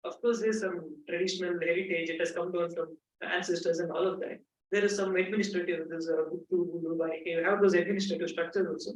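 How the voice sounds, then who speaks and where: A man's voice: sits high, little pitch movement, fast. A young man in his twenties with an Indian English accent, giving an earnest public talk with emphatic repeats and restarts. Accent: Indian English, Kannada-speaking. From Dakshina Kannada, India. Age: 20s. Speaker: guest speaker. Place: lecture hall. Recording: roomy hall, mic at a distance, faint ambience.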